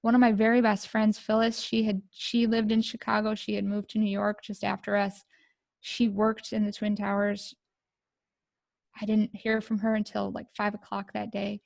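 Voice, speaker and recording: A middle-aged woman from the United States, a podcast guest telling a personal story in an emotional, halting way with many fillers. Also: mid-range voice, completely flat delivery, vocal fry, a little mellow, no room sound.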